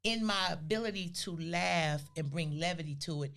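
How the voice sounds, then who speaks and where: This podcast co-host is an older woman whose gravelly voice sits on the low side. Speaking at an ordinary pace in a relaxed storytelling conversation, she brings her tales to life by performing the quoted lines.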